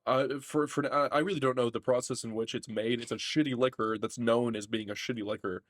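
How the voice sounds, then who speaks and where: A man's voice: medium pitch, fairly even intonation, a little fast, dry recording. Podcast co-host, blunt cursing man, dry close mic. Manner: blunt, profane, joking. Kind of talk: casual chat.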